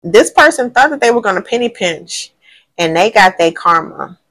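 A woman giving a casual tarot reading to a general audience. She thinks aloud, talks in lively slang, swears now and then and often says she does not know. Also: medium pitch, moderate pace. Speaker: tarot reader.

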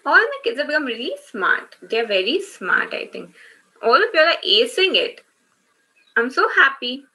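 A woman's voice: sits high, sing-song, normal speed, sharp tone, low-quality recording. A woman teaching children in an online workshop, retelling a story and running quizzes, encouraging them and often checking in with "okay?".

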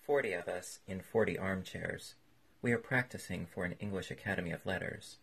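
A man reading aloud and voicing a courteous, formal old gentleman with literary tastes. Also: low voice, moderate pace, vocal fry, breathy edge, heavily acted.

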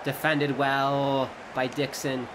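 Excitable man calling a football game. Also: medium pitch, slow, noisy background. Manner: excitable play-by-play, shouting at goals. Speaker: gaming YouTuber. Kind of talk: casual gameplay commentary.

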